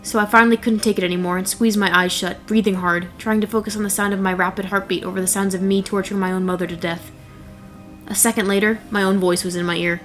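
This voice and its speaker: A young woman narrates a first-person horror tale with a wry, blunt delivery and casual profanity. Her voice sits in a middle register, and soft music plays underneath. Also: medium pitch, little pitch movement, fast.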